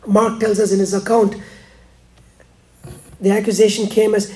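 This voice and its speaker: A man preaching a sermon, dropping to hushed, slow lines and rising again for emphasis. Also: expressive, gravelly. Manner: preaching, swings between hushed lows and emphatic rises. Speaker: pastor.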